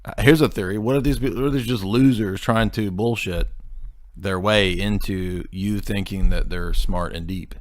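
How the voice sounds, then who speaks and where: A man's voice: lowish voice, steady tone, moderate pace, no room sound. A man hosting a commentary show, reacting to a clip in a sarcastic, mocking way. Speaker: host.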